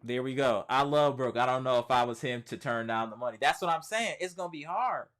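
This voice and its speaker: A man's voice: mid-range voice, a little fast, fairly bright tone. A man hosting a casual sports live stream, reading viewer comments aloud and answering them in a chatty, slangy way, repeating his points for emphasis. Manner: emphatic repetition, slangy speech. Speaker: sports channel host.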